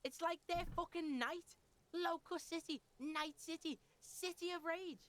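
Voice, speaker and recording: A woman's voice: very high-pitched, steady tone, measured pace, a bit bright, slight background noise. A brash foul-mouthed street boy. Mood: defiant. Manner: brash, swearing, speaks of self in third person.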